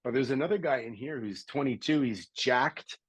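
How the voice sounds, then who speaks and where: A middle-aged man from Canada, a podcast guest telling stories in a lively conversational way and acting out the voices of people he quotes. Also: mid-range voice, moderate pace, slightly rough, dry recording, poor audio. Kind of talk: conversational storytelling.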